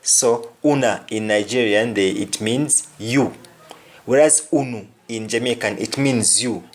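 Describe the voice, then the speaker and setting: Slow-spoken man teaching a language lesson. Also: medium pitch. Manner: repeats each phrase and restates it in several ways. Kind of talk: explanatory lesson.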